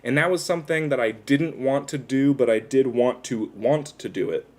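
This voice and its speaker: A man's voice: medium pitch, moderate pace, a little mellow. A man chatting casually with his viewers on a livestream, rambling and self-deprecating as he talks while tattooing himself.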